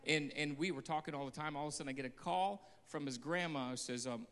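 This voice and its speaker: A man preaching as a guest pastor, telling a story that swings between quiet asides and loud outbursts. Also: a little high, fast talker. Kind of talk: sermon. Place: church hall. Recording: long hall reverb.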